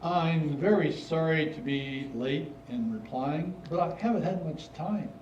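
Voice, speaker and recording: A man's voice: on the high side, unhurried, distant mic, noisy background, natural voice. An older man in a staged reading, playing an earnest, slightly formal schoolboy writing letters. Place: stage in a hall. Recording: dull, roomy hall recording from afar.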